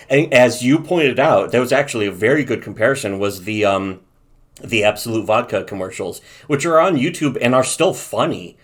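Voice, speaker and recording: A man's voice: mid-range voice, expressive, moderate pace, a bit bright. A man co-hosting a casual commentary podcast, ranting profanely and reading from his notes. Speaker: podcast co-host.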